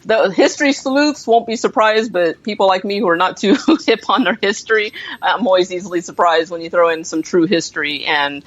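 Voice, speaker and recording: A woman co-hosting a movie podcast, blunt and quick to laugh, with some swearing. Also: on the low side, dry recording. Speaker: podcast co-host. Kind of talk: casual chat.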